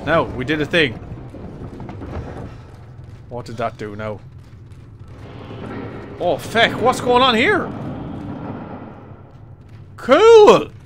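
A young man doing let's play commentary on a horror game, swearing freely and yelling at enemies. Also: a little high, huge pitch swings, very slow, long pauses, music in the background. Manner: swears a lot and yells at enemies. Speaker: gaming YouTuber.

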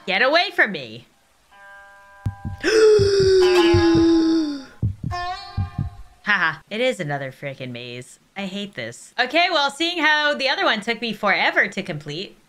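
A woman's voice: mid-range voice, wildly swooping pitch, normal speed, over music. A woman YouTuber giving jumpy, nervous commentary while playing a horror game, often shrieking and laughing and repeating panicked exclamations. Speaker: gaming YouTuber.

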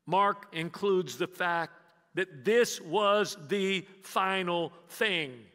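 Pastor guy, high bright voice, preaching dramatic, echoing around a big church. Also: drawn-out words. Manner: dramatic storytelling, swings from loud emphasis to hushed near-whispers; engages the congregation with questions and call-and-response. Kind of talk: sermon. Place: church sanctuary. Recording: long reverb of a church hall.

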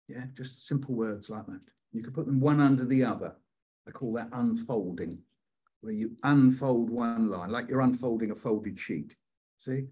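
Older British man, husky, runs a poetry lesson with playful, rhythmic repetition. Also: mid-range voice, normal speed, darkish tone. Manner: playful, repeats phrases rhythmically, acts out quoted voices. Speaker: poet leading a writing workshop.

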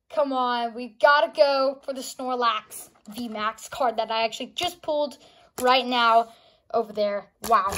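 A woman opening trading cards for a casual vlog, excitable and gasping, often calling out to her viewers, recorded on a phone. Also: sits high. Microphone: phone on a charger.

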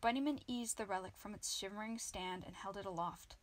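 A woman's voice: mid-range voice, brisk, few pauses. Woman reading a children's book aloud. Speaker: amateur audiobook reader.

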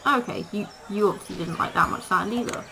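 Woman, casual gameplay commentary, mid-pitched voice, noisy home recording. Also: a little fast, creaky. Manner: chatty, talks to the animals, laughs often. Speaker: gaming video creator.

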